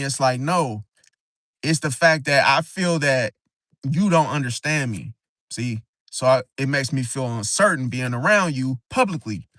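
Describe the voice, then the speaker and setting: Casting: man, slightly high voice, AAVE speech, rambling talk-show host with frequent restarts, dry mic. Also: lively intonation, fairly bright tone, dry recording. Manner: rambling, halting, frequent "see?" tag. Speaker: astrology channel host. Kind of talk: casual livestream talk.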